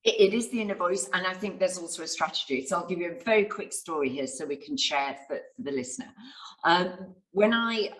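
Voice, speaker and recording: A woman's voice: fairly low pitch, fairly quick, fairly bright tone, low-quality recording. A woman, a success coach, answering interview questions with enthusiastic storytelling and acted-out quotes. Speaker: guest speaker and success coach.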